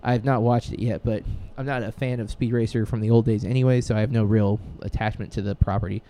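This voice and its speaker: A man's voice: on the low side, steady tone, fast talker, mellow. A man co-hosting a podcast, chatting casually and enthusiastically, rambling with frequent fillers and restarts. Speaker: podcast co-host. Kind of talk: casual chat.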